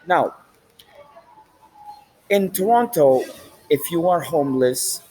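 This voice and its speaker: A man's voice: mid-range voice, lively intonation, moderate pace, a little mellow, slightly rough, rough recording. A man vlogging in a rambling, profane monologue with street slang, recorded on a handheld phone inside a large train station.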